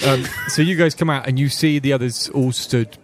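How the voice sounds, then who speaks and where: A man acting as game master, narrating a tabletop game in an animated way and laughing often. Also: medium pitch, moderate pace, background noise.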